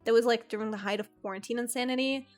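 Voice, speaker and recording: A woman's voice: fairly high pitch, fairly even intonation, fast, a little mellow, faint music behind. A woman whose first language is German, chatting casually with her stream viewers in a rambling, giggly, self-deprecating way.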